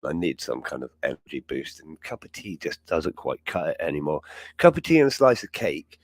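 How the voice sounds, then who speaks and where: A man's voice: rumbling low, big pitch swings, brisk, no echo. A man hosting a live chat show, talking in a rambling, chatty way and laughing often. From England. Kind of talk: casual live-stream chat.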